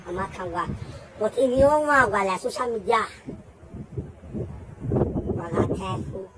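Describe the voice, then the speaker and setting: Defending a friend, a Nigerian woman scolds emphatically in a casual message to the camera, asking question after question. Her voice is fairly high, with slight background noise.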